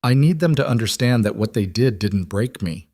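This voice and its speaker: A man's voice: on the low side, lively intonation, normal speed, a little mellow, no room sound. A man voicing a guarded, worn-down young woman in a bar who halts and breaks off mid-sentence. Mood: resolute.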